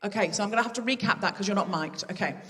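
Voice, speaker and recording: Racing along in a sharp-toned, mid-range voice, a woman hosts a live theatre comedy podcast, trading self-deprecating banter with the audience. The stage microphone records her from a distance, giving a big-room sound.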